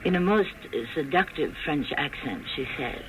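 Theatrical radio-drama host, measured. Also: male voice, a little high, lively intonation, fairly bright tone, slight background noise, rough recording. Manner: measured, declamatory.

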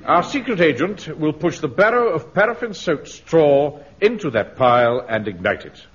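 An actor playing a pompous, easily flustered middle-aged captain in a radio comedy, giving clipped orders. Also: male voice, a little high, very animated, normal speed. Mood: commanding. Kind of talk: radio sitcom acting. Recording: dull, hissy old radio broadcast.

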